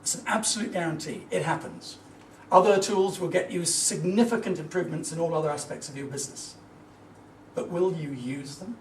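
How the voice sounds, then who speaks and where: A middle-aged man with a fairly high voice delivers a brisk motivational business talk full of earnest, emphatic storytelling. He is far from the mic in an echoey hall, with faint room ambience and a little hiss or hum.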